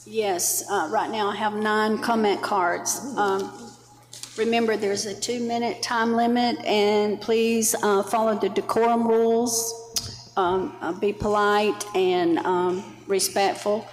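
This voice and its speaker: A woman clerk sets out the time limits and decorum rules for the speakers who will follow. Her delivery is measured and practical. An echo and a long reverb from the council chamber surround her voice. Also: medium pitch, steady tone, soft background music. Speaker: city clerk. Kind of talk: procedural announcement.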